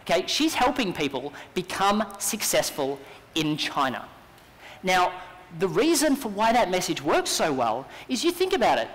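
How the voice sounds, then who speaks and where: A man with an Australian accent giving an energetic, persuasive keynote talk at a business conference. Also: sits high, normal speed. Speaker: business speaker. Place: large conference hall. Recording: long hall reverb.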